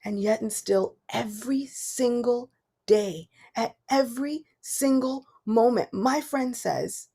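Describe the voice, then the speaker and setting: A woman giving a devotional morning class, telling personal stories with animated swings between soft and loud. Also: on the high side, takes it slowly, husky. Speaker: class speaker.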